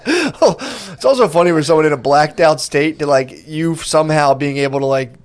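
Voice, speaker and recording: A man in his thirties co-hosts a podcast, bouncing jokes and swearing through the chat. His voice sits a touch higher than most men's, and he laughs often between lines. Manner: riffing banter, swearing, quick laughs. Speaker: podcast co-host. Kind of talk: casual chat.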